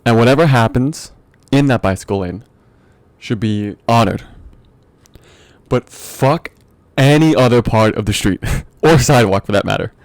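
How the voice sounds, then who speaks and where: A man's voice: medium pitch, normal speed, long pauses, no room sound. Profane ranting young man, dry sound. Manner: profane, exasperated, laughs often. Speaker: podcast host. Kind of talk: comedic storytelling rant.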